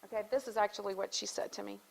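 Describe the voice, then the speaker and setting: A woman in her fifties gives a heartfelt, halting speech at an event, choked up at times. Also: medium pitch, fairly even intonation, creaky, a little hiss or hum, poor audio. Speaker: guest speaker.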